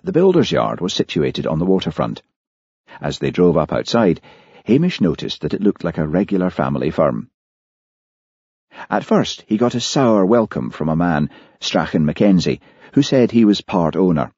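A male audiobook narrator telling the story in a measured way. His voice is very low, dark and husky, with lively rises and falls. The recording is dry and dull. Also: no room sound. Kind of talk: scripted narration.

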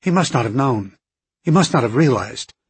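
A man with a husky voice voicing a calm senior male scientist who speaks in a measured, reassuring way in an audiobook. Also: medium pitch, pitched above the performer's own voice.

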